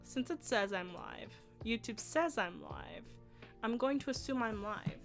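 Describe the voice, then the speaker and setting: A woman's voice: a little high, huge pitch swings, unhurried, creaky, faint music behind. A woman streaming casually, rambling and trailing off as she sets up a game. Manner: rambling, self-deprecating, trailing off. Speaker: streamer and player.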